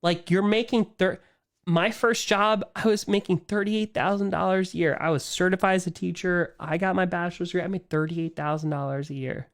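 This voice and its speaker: A young man ranting on a live stream, animated and exasperated, trailing off and repeating himself as he talks. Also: sits high, brisk.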